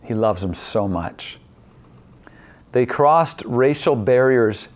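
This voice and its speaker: A man preaching a sermon as pastor, repeating key phrases and asking the same question again and again, slowing down to stretch out certain words. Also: mid-range voice, animated. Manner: poses repeated rhetorical questions; shifts pace, drawing some words out.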